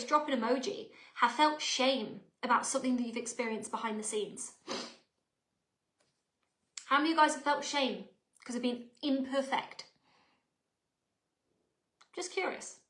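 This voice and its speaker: A woman's voice: high voice, expressive, moderate pace, pauses often, a bit bright. Chatty English woman coaching, roomy sound. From England. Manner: chatty and emphatic, often asking the audience "right?". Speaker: wealth and mindset coach. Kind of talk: live online workshop talk to viewers. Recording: roomy echo.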